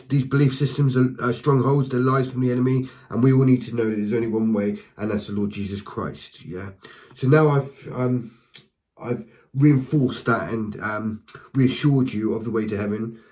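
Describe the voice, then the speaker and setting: Man, lay preacher, impassioned testimony, mid-pitched voice, fervent, halting restarts. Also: mellow, rough recording. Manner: passionate, fervent, repeats words and restarts; speaks to the listener directly with encouragement.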